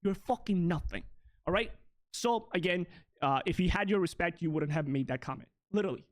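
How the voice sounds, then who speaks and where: A man's voice: high-pitched, lively intonation, brisk. A man, a content creator, ranting bluntly and confrontationally in a clip, swearing heavily.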